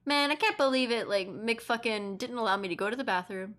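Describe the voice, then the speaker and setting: A woman's voice: a little high, a little fast, a bit bright, a little hiss or hum. A woman streamer chatting casually through a game, swearing freely, laughing and teasing her chat. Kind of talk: casual let's-play chat.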